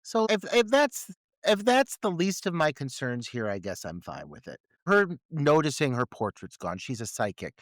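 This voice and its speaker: Man, podcast co-host, swings up and down in pitch, swears a lot, rants, dry close mic. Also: moderate pace, no room sound. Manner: animated, profane ranting with rhetorical questions. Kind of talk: casual film-review podcast chat.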